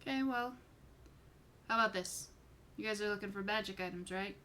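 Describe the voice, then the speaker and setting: A woman's voice: mid-range voice, brisk, sharp tone, slight background noise, lightly acted. Woman doing a blunt, swearing big thug. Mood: gruff. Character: big gruff suspicious male underworld thug.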